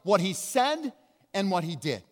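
High-voiced emphatic preacher in a reverberant hall. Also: male voice, big pitch swings. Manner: emphatic, with slow drawn-out stresses and wide swings in loudness. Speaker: pastor. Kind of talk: sermon.

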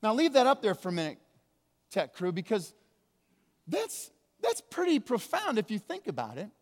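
A man preaching a sermon as pastor, emphatic, slowing down hard on key words, with big swings between loud and quiet. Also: high voice, wildly swooping pitch. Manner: emphatic, with slow drawn-out stresses and wide swings in loudness. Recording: long hall reverb.

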